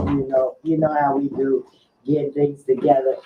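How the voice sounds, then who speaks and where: Male podcast host, higher voice, slow and deliberate reading, recorded far from the mic. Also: flat delivery. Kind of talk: reading a guest introduction.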